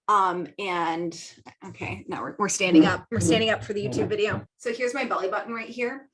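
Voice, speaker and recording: A woman's voice: mid-range voice, brisk, low-quality recording. A young woman from the American Midwest hosting her own podcast, talking casually and giggling between thoughts. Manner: chatty, giggly, filler-heavy. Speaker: podcast host. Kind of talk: casual solo talk. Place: home studio.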